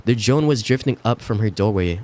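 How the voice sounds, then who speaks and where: A man's voice: fairly low pitch, lively intonation, brisk, a little mellow. A man streaming himself reading scary stories aloud, with the odd slip and self-correction.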